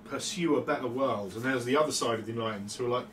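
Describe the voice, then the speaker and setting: A man's voice: mid-range voice, fast talker, a bit bright. A man chatting casually and joking while playing a tabletop wargame, explaining lore at length. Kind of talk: casual chat during a game. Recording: roomy distant mic with background noise.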